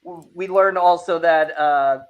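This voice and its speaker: A man with a fairly high speaking voice hosts a relaxed anime discussion. He retells episodes with lively energy and acts out the characters' dialogue as he goes. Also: a little slow, dull audio. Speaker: podcast host. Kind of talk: casual anime review chat.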